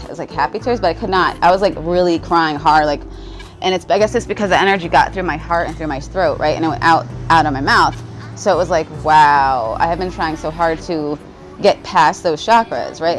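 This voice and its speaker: Young woman rambling on camera, lots of likes and you guys, lowish voice, smoking as she talks, faint music under it. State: smoking while talking. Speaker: spiritual vlogger. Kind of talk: casual confessional monologue.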